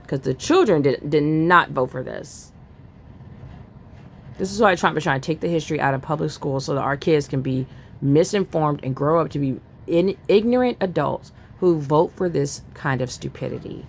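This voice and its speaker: A woman's voice: low voice, lively intonation, moderate pace, a little hiss or hum. A woman angrily reading news aloud and ranting about it in a profane political vlog commentary. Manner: furious, profane, reads news aloud then rants.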